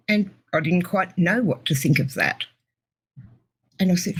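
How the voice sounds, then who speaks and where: A woman's voice: fairly low pitch, takes it slowly, long pauses, slight background noise, low-quality recording. A middle-aged Australian woman with an Australian accent, earnestly telling her near-death experience as a guest. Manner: earnest, emotional storytelling. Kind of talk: personal testimony.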